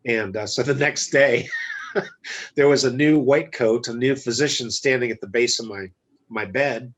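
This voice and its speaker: A man's voice: medium pitch, measured pace. A man, a business guest, telling a personal story in a casual interview, bluntly acting out the dialogue. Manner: blunt, animated retelling with quoted dialogue. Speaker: guest entrepreneur.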